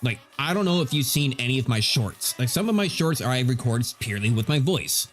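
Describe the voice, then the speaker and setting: A man's voice: mid-range voice, animated, fairly quick, a bit bright. A man streaming a game, chatting casually and rambling as he tests his settings, his voice slightly nasal on a streaming mic. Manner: rambling and self-correcting, chatty. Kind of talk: casual live-stream chat while gaming. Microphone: streaming microphone. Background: game audio.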